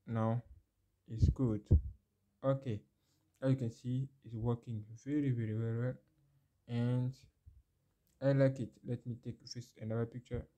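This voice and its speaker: Slow, mellow-voiced man guiding a tutorial. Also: mid-range voice, level tone. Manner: repeats phrases, exclaims over results; addresses viewer directly with questions. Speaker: tech tutorial host. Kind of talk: screen-recorded how-to walkthrough.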